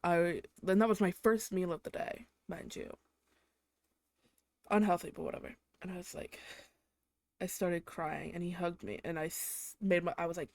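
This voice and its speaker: A young woman from England vents in a low voice, recorded close and dry with no room around her. She talks in a loose, exasperated ramble, swearing freely and leaning on "like" in nearly every sentence. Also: steady tone, normal speed, a little mellow, no echo. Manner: exasperated, swears a lot, heavy use of "like". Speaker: podcast host. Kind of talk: casual ranting monologue.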